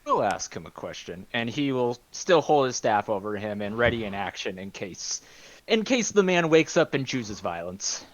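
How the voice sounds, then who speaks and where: A man playing in a casual tabletop game, describing his character's actions slowly and deliberately. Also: medium pitch, sing-song. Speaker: player. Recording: dull lo-fi mic with faint noise.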